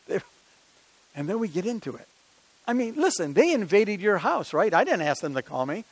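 A man's voice: sits high, big pitch swings, normal speed, breathy edge, no room sound, low-quality recording. An older man, preaching a sermon in a conversational style with many rhetorical questions and personal stories.

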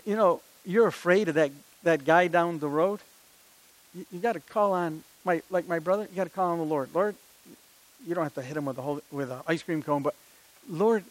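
A man's voice: fairly high pitch, dry recording, rough recording. An older man, preaching a sermon in a conversational style with many rhetorical questions and personal stories.

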